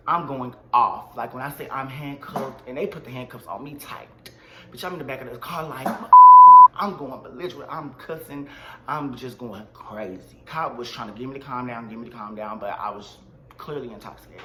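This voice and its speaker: A man telling a storytime vlog in an animated, slangy and dramatic way. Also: medium pitch, fairly quick, reverberant. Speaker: vlogger.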